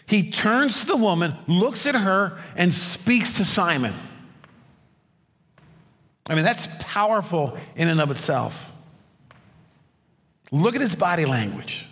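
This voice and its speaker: Man, pastor, preaching a sermon, rhetorical questions, slows for emphasis, long hall echo. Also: high voice, sing-song, fairly bright tone.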